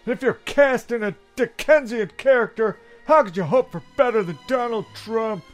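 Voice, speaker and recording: A man heckling the play from offstage in a comedy sketch, gruff, impatient and exasperated. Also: extremely high pitch, normal speed, soft background music.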